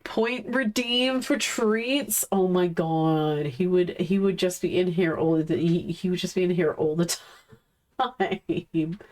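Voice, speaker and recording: Woman live streamer, unhurried casual chat, playful scolding of her pets. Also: on the low side, fairly even intonation, dark tone.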